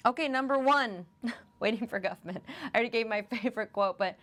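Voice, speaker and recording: A woman's voice: a little high, brisk, fairly bright tone. A young woman co-hosting a podcast in casual chat, laughing often and acting out movie quotes. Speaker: podcast co-host.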